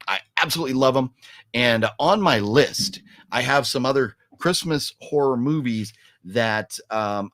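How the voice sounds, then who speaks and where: A man's voice: on the low side, a bit bright, dry recording, clean studio sound. A man talking casually on a live stream, rambling with lots of fillers and restarts as he answers chat. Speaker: vlogger reading live chat.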